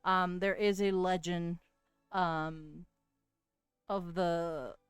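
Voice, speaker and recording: Woman game master, very smooth clear voice, dry close sound, halting delivery. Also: on the low side, steady tone, no echo. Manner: hesitant, lots of fillers. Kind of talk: narrating a tabletop game.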